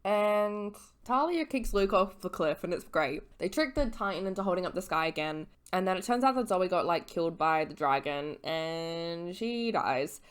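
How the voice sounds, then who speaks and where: A woman's voice: fairly low pitch, lively intonation, moderate pace, hardly any pauses, clear, resonant tone. Tipsy woman rambling through a recap. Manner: rambling, swearing, with slips and self-corrections. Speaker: vlogger. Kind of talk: casual book recap.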